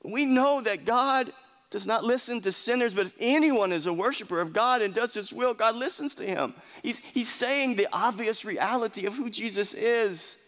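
A man's voice: extremely high pitch, moderate pace, fairly bright tone. A male pastor preaching a sermon earnestly, often restarting his words. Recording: long hall reverb.

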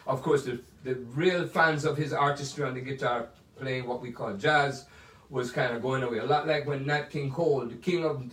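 A man's voice: medium pitch, steady tone, normal speed, fairly bright tone, slight background noise. Older jamaican guy telling long stories, wanders off on tangents, roomy sound, mic kinda far. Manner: rambling, anecdotal, digressive with asides. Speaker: jazz pianist telling stories. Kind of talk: casual storytelling.

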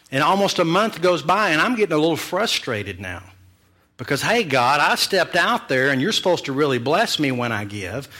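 A man's voice: fairly high pitch, pushed and bright. A man preaching as a pastor, telling a personal story with humor and self-mocking asides. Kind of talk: storytelling sermon.

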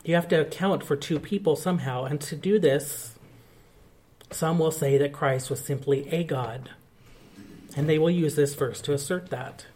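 A man's voice: fairly high pitch, normal speed, darkish tone. A male pastor preaching a sermon, explaining a point of scripture in an earnest, teaching manner.

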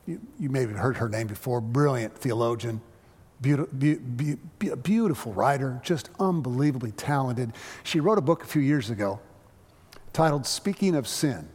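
A man preaching a sermon as pastor, telling stories with frequent restarts and slowing down to stress quoted lines. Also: mid-range voice, animated, darkish tone, breathy edge. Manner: storytelling with frequent restarts and slow emphasis on quotes. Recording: long hall reverb.

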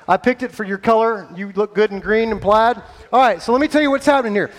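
A man with a strikingly high voice tells a Bible story on stage. He is playful and energetic, joking with his volunteers and the audience as he guides them through the scene. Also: quick pace. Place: stage before a live audience.

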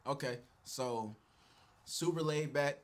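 A man co-hosting a casual chat, animated and getting loud when excited. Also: mid-range voice, takes it slowly. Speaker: podcast co-host.

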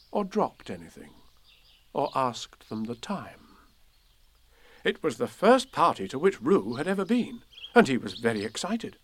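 A man narrating a children's storybook with gentle, expressive storytelling. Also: medium pitch.

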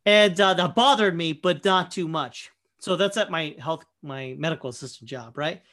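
High bright-voiced man telling a story. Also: moderate pace. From Michigan, USA. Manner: animated, profane, many fillers and quoted asides. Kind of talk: casual anecdote chat.

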